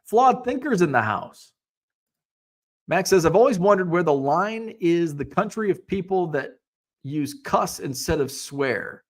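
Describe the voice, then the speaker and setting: A man's voice: high voice, lively intonation, measured pace. A man from Illinois hosting a casual live-stream, reading viewer comments aloud and answering with wry asides. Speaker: host of a sports card hobby show.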